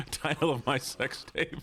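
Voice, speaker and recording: A man's voice: fairly high pitch, sharp tone, a little hiss or hum. A man hosting a casual gaming stream, giggly, easily distracted and playfully whiny. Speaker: streamer and host.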